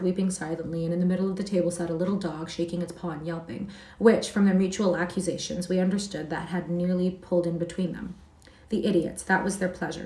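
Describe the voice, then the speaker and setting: A woman's voice: fairly low pitch, a little mellow, lightly acted. A woman reading aloud as Heathcliff, a wild, defiant boy telling his tale with fierce scorn, heard in a roomy space from a distant mic.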